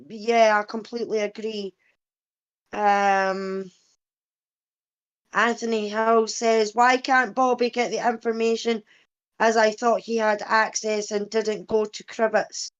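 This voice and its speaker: A woman co-hosting a livestream, reading chat messages in a slow, hesitant manner and laughing easily. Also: on the high side, dull audio. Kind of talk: casual chat.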